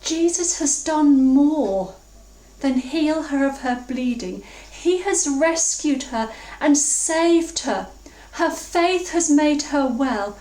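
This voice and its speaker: A woman from England preaching a sermon, reflective and earnest, slowing down to stress key words. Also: high voice, lively intonation, dark tone. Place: church hall. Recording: roomy, distant mic.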